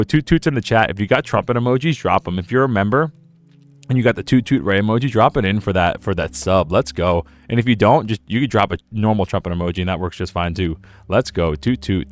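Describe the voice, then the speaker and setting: Young man, low voice, game streamer, rambling, frequent laughs, faint background music. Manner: rambling, laughs often, slips into silly quoted voices. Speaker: gaming streamer. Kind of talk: casual live-stream commentary.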